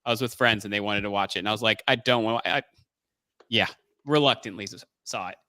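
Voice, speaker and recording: A man's voice: lowish voice, fairly quick, bright, forceful tone, dry recording. A man co-hosting a casual movie podcast, talking in a laid-back, joking way. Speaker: podcast co-host. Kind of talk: casual chat.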